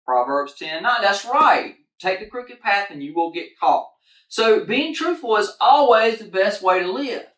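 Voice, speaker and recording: A woman's voice: mid-range voice, animated, measured pace, a bit bright. Upbeat woman leading a kids' church lesson. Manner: upbeat, encouraging, talks straight to kids. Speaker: kids ministry leader. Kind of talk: livestreamed children's church lesson. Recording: echoey room.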